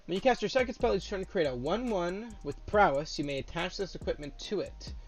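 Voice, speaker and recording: A young man in casual chat, reading out new trading card spoilers and reacting with loud, swearing excitement. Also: high-pitched, a little fast. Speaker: card game content creator.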